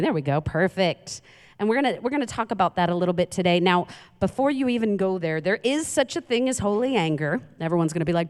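A woman's voice: on the low side, darkish tone. A woman from Queens, giving a chatty, humorous sermon as a guest preacher in a church. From Queens, New York. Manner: chatty, self-mocking, humorous asides. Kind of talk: conversational sermon. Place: church sanctuary. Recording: reverberant church hall.

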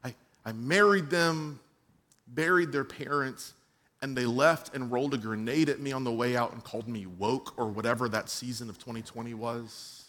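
A man preaching a sermon to his own church as its pastor, telling a personal story and swinging between quiet, soft passages and emphatic ones. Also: mid-range voice, normal speed.

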